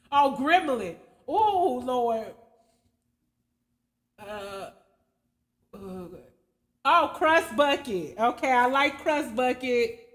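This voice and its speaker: High-voiced, unhurried woman livestreamer. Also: lively intonation, fairly bright tone. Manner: loose and slangy, chuckles often, spells out viewer names letter by letter. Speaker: livestream host. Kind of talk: casual livestream chat with viewers.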